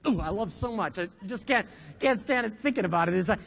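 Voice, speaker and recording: A middle-aged professor gives a humorous keynote, telling stories with energy and leaping into loud voices for the punchlines. His voice is high, quick, and creaky, and the sound carries the echo of a big room.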